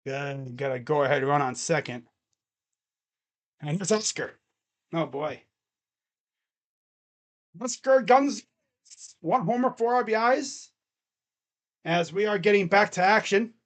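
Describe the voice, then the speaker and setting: A man calling live fan play-by-play, jumping to shouts on big plays and dropping to muttered asides between them. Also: sits high, animated, slow pace, long pauses. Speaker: fan commentator.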